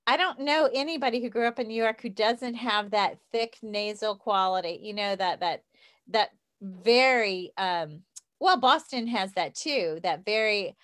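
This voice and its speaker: A woman's voice: medium pitch, measured pace, fairly bright tone, no echo. A woman in her fifties with a Southern US accent, hosting an interview in an enthusiastic, chatty way. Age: 50s. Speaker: interview host. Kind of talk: interview conversation.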